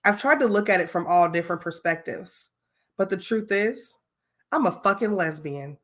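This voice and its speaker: A woman's voice: mid-range voice, lively intonation, moderate pace, lightly acted. A woman putting on an acting voice to read a monologue as a young female college student who bluntly confesses to her boyfriend that she is gay. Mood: blunt, weary. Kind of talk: comic dramatic reading.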